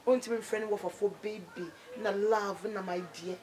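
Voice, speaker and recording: A woman's voice: mid-range voice, fairly even intonation, moderate pace, darkish tone. A woman with a Ghanaian accent in a dramatized advice skit, talking in a scolding, insistent way. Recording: noisy background.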